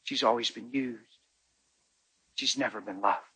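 A male pastor telling a story in his sermon, emotional and conversational, moving between hushed and loud delivery. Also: medium pitch, measured pace, husky, no room sound, poor audio.

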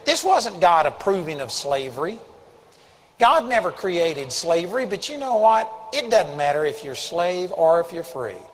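Preacher guy, kinda high voice, earnest storytelling sermon that builds to emphatic bursts. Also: big pitch swings, a little slow, slight background noise, low-quality recording. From United States.

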